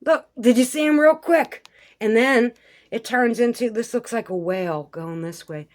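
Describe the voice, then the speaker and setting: A woman's voice: a little high, moderate pace. A woman giving rambling, conspiratorial commentary over a video as a vlogger. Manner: rambling, conspiratorial, swears casually.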